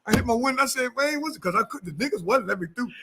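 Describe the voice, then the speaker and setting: A man's voice: very high voice, rapid-fire, noisy background. A man telling a street story on a podcast, heavy with slang and acted-out quotes. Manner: animated street slang, acts out quoted voices. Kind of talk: casual storytelling chat.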